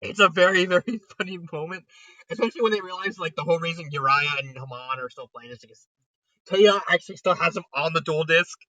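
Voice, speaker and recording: A man's voice: a little high, fast talker, sharp tone, no room sound, recorded from a distance, low-quality recording. A young man giving a casual spoken review, retelling it animatedly with frequent laughter and lots of "like". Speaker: fanfiction reviewer. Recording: dry sound, voice set back from mic.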